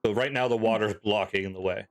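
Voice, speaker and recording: A man running a tabletop game as game master, narrating in a loose, halting way with many fillers. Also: on the low side, steady tone, faint music behind.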